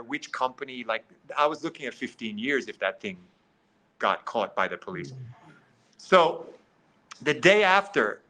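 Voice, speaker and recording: A man speaking as a podcast guest, telling his story in an animated way. His voice is bright and forward, and his pitch sits in an ordinary middle range. He keeps saying "like" and breaks into quoted back-and-forth as he talks. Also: low-quality recording. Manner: lively retelling that often slips into quoted dialogue, with frequent "like".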